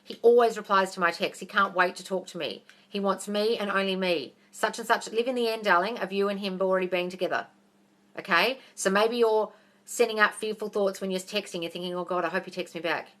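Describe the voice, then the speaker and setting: A woman's voice: mid-range voice, fairly even intonation, fairly quick, a bit bright. A woman in her thirties with an Australian accent, answering viewer questions on a livestream in a blunt, profane way and calling listeners darling. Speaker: manifestation coach.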